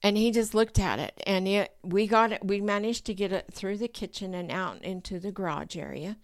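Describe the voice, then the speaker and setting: An older woman telling a personal story in a lively way, acting out her own past thoughts with sudden high rises in pitch. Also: normal speed, dry recording. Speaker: guest telling a true story.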